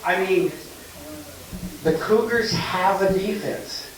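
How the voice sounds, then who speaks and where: A past council chair bantering with laughter at a club meeting. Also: male voice, high-pitched, slow pace. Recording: echoey hall from far off, crowd.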